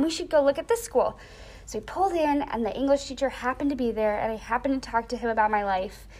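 A young woman in a casual interview, telling a personal story with lively acted-out quotes and lots of "like". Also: a little high. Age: young adult. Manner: animated storyteller, acts out quoted voices; frequent "like" fillers.

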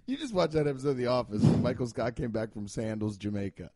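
A man's voice: medium pitch, animated, fast, warm tone. A man co-hosting a podcast in casual chat, teasing and sarcastic with his partner. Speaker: podcast co-host.

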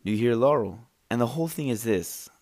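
Into his podcast microphone, a young man chats alone, rambling, joking and frequently restarting or filling pauses. His medium-pitched voice is animated, a little fast and a little mellow.

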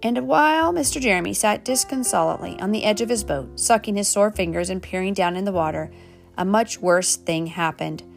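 A woman reading a children's storybook aloud, gently, turning now and then to talk to the children. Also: medium pitch, brisk, gravelly, soft background music. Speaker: storybook reader.

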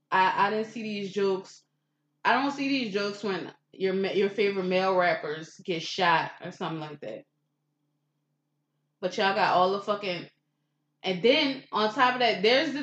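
A woman's voice: medium pitch, slight background noise. Fiery, foul-mouthed woman co-host mid-rant; roomy, muffled lo-fi audio. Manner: profane, fiery, confrontational. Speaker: podcast co-host. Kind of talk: heated rant on a podcast. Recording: roomy, dull lo-fi room sound.

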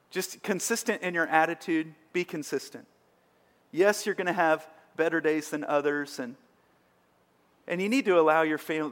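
A man's voice: a little high, fairly bright tone. A man preaching a sermon as pastor, earnest and emphatic, with rising bursts of energy. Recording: long hall reverb.

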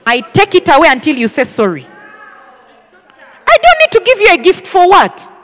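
High, animated woman preaching. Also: normal speed, big-room sound. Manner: emphatic, acts out children's voices. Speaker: ministry school teacher. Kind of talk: preaching-style teaching. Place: teaching hall.

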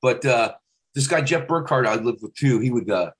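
A man's voice: mid-range voice, moderate pace. A male comedian and impressionist in a casual podcast chat, talking animatedly and dropping into celebrity impressions as he goes. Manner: animated, slips in and out of celebrity voices. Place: podcast studio.

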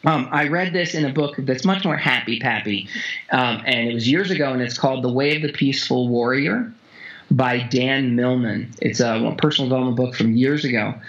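A man coaching a guest in conversation, blunt and heavy on swearing, telling stories intensely with sudden jumps in pitch. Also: normal speed, fairly bright tone, dull audio.

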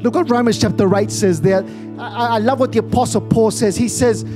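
A man's voice: high-pitched, fairly quick. A man preaching a sermon as pastor in a church, fervently repeating phrases and calling out hallelujah and amen. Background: music playing.

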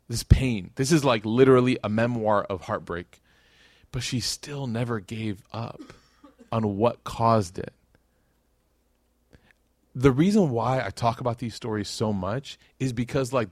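A man, giving a religious lecture as a casual, animated storyteller who acts out quotes. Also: medium pitch, no echo, clean studio sound.

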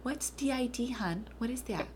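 A playful woman co-hosts a podcast, joking and teasing in a lively, swinging voice. A faint background hum sits under her voice. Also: a little high, normal speed. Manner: playful, jokey, swears. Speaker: podcast co-host. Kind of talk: casual chat.

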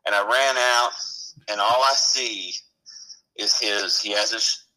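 Man, middle-aged, former firefighter, very bright tone, lowish pitch, rambling casual anecdotes. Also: fairly even intonation, takes it slowly, rough recording. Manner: rambling, self-correcting, chuckling anecdotes. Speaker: retired firefighter guest. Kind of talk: casual storytelling interview.

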